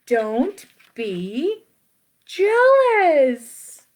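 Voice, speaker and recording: A woman voicing an excitable mother in a read-aloud picture book, gushing and exclaiming. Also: high voice, extremely slow, voice pushed up, exaggerated voice.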